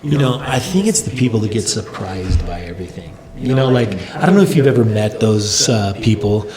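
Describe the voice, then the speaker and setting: A man's voice: lowish voice, fairly quick, reverberant, a crowd in the background. A man, a company founder, telling stories as a guest in a casual interview, his voice climbing as the stories build. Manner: animated storyteller, voice rises as stories build. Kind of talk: storytelling interview chat.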